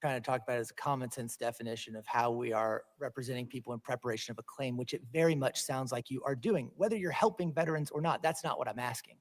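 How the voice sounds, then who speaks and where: A man questioning a witness at a formal hearing, pointed and hurried against a time limit. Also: medium pitch, big-room sound.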